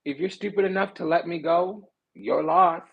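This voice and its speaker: A man's voice: high-pitched, moderate pace, gravelly, husky, dull audio. A man giving a casual tarot reading, talking bluntly in slang and with swearing, and often stopping to restart his sentences. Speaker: tarot reader.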